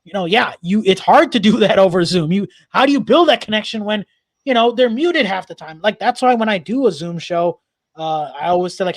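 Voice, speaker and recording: A man's voice: high voice, animated, a little fast, no room sound. A man, a guest comedian, chatting in an interview with enthusiastic, rambling talk full of restarts. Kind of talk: casual interview chat.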